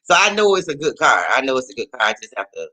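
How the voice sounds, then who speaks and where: Animated, profane storytelling man. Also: mid-range voice, fast, rough recording. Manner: animated, profane, repeats phrases. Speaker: vlogger. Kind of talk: casual storytelling.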